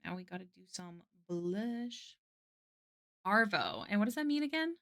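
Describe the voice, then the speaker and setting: A woman's voice: medium pitch, expressive, a little fast, darkish tone. A woman streaming her drawing live, chatting casually and answering her chat with lots of "like" fillers. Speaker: art streamer.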